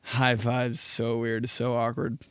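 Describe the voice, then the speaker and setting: A young man rambles through a solo comedy podcast, cursing and jumping into little acted-out exchanges. His voice sits at a middling pitch. The sound is close and dry, with no room around it. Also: completely flat delivery, fairly bright tone, clear, resonant tone, no room sound. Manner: rambling, profane, acts out quick mock exchanges. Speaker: podcast host. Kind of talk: casual comedic monologue.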